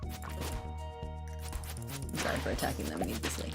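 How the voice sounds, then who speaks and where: Over loud music, a young woman talks at a moderate pace as she plays a farming game. This gaming streamer keeps up casual, rambling gameplay commentary full of jokes at her own expense.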